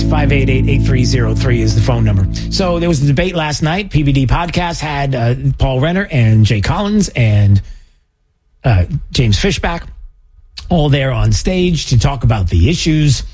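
A man's voice: medium pitch, darkish tone, husky. A male talk radio host giving exasperated commentary with stammering restarts.

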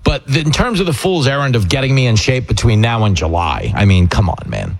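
A man's voice: mid-range voice, big pitch swings, fairly quick, vocal fry. Jokey self-mocking radio host man. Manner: self-deprecating, jokey storyteller. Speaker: radio talk show host. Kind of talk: casual radio chat.

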